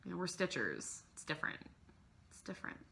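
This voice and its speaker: A woman in her thirties chatting to camera as a stitching vlogger, her voice sitting a little low yet bright and forceful. She rambles and gushes, trailing off mid-thought, and sounds emotional, close to tears. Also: huge pitch swings, a little fast, gravelly. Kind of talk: casual chat to camera.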